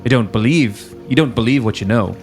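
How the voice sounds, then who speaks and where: A man's voice: medium pitch, brisk, faint music behind. A man playing a tabletop game, answering in character with rambling, musing talk. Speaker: player.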